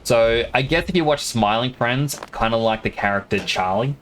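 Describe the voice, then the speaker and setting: A man's voice: mid-range voice, normal speed, few pauses, fairly bright tone, slight background noise. A man casually chatting to his viewers while playing a game, rambling from one thought to the next. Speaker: streamer. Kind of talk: casual gameplay commentary. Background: game music.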